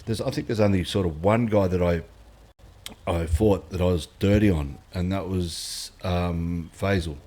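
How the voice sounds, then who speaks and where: Aussie bloke, bit low voice, swears a lot, chatty podcast guest telling old fight stories. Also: male voice, a little slow, mellow. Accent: Australian. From Australia. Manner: blunt and sweary, retells stories with acted-out quotes. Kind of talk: casual podcast chat.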